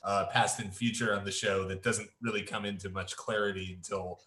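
A man with a bright, forceful voice co-hosts a casual podcast, thinking aloud in loose, rambling sentences. His voice carries a roomy echo. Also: lowish voice, steady tone, brisk.

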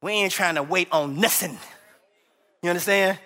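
A man preaching a sermon as associate pastor, animated and humorous, calling out to the congregation. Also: high-pitched, moderate pace, in a large hall.

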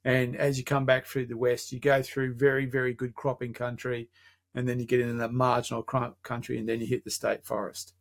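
An Australian man telling a casual anecdote, animated and acting out the lines of the people in it. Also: mid-range voice, fairly quick. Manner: animated, acts out quoted dialogue.

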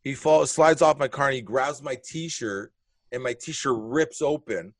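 A man's voice: medium pitch, a little slow, dry recording. A man telling a story in casual conversation, swearing freely and acting out the other people's lines. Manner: animated, profane, acts out quotes.

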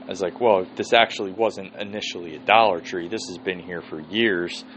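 A man's voice: low voice, steady tone, moderate pace, fairly bright tone, a little hiss or hum, poor audio. A man, hosting a solo podcast and telling a rambling, profane story. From Philadelphia area. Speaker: podcast host.

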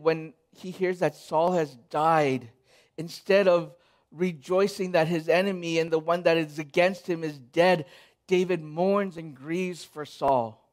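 A man preaching a sermon, retelling a Bible story in a lively, casual way and quoting the figures in everyday speech. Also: sits high.

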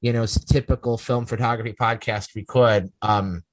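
A man's voice: medium pitch, fairly even intonation, normal speed, no echo. A man hosting a casual podcast, telling stories in a rambling way and often correcting himself as he goes. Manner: rambling, self-correcting storyteller. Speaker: podcast host.

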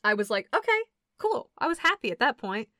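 A woman co-hosting a casual movie chat, animated and laughing, acting out scenes in quick voices. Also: medium pitch, no room sound, studio quality. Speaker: podcast co-host reviewing a movie.

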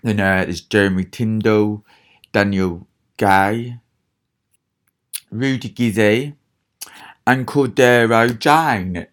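A man doing an impression of a glamorous celebrity woman, slow, loud and drawn out. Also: on the low side. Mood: gushing.

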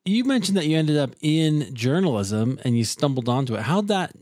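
A man's voice: on the high side, sing-song, normal speed, a little mellow, no echo. Hesitant man hosting a faith podcast. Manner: hesitant, frequent restarts. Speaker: podcast host. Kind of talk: casual faith-based conversation.

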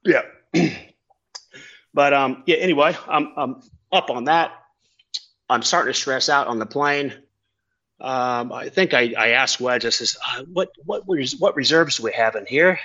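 A man's voice: mid-range voice, bright, forceful tone, highs cut off. A man, a tandem skydiving instructor telling a story in a casual, rambling chat and swearing freely.

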